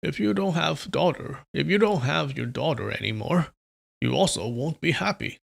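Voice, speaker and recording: A ruthless old sect leader boasting and threatening, as a man reads him out in a raised, gravelly voice pushed a little higher than his own. Every line lands loud and sure of itself, as in a storybook reading. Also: expressive, normal speed, heavily acted. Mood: gloating.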